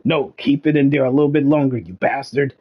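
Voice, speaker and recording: A man impersonating a loud, bossy celebrity chef who curses while scolding a home cook. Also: mid-range voice, a little fast, slightly rough, lo-fi sound, voice pushed up.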